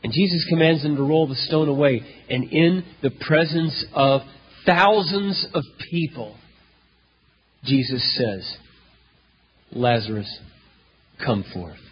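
Male pastor, sermon, dramatic storytelling, slightly husky voice, lo-fi hall recording. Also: measured pace. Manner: dramatic storytelling, swings between loud emphasis and hushed lows. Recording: dull lo-fi recording in a reverberant hall.

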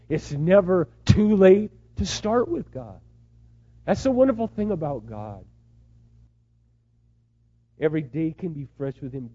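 A middle-aged man preaching a sermon, moving between hushed, tender asides and loud, impassioned pleas. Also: mid-range voice, lo-fi sound. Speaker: pastor.

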